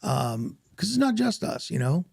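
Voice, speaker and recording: A man, an actor guest on a podcast, telling stories in a casual, animated way and acting out what others said. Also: high voice, normal speed, gravelly, no echo, clean studio sound. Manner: animated, acts out quoted voices. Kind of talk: casual storytelling interview.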